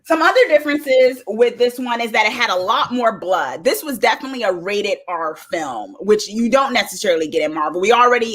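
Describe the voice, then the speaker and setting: A woman's voice: mid-range voice, a bit bright. A woman hosting a casual film review stream, reading viewer comments aloud and chatting with a loose, filler-heavy delivery. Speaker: host. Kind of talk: casual livestream review chat.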